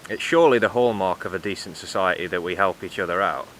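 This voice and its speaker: A man giving sarcastic, deadpan commentary in a vlog with dry, mocking asides. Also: sits low, quick pace, a little hiss or hum. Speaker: vlogger.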